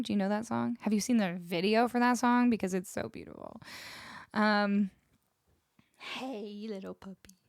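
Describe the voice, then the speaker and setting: A woman singer-songwriter chatting casually with her live viewers, bubbly and effusive and quick to laugh, on a close studio mic. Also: fairly high pitch, creaky, a bit bright, dry recording. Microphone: close studio microphone.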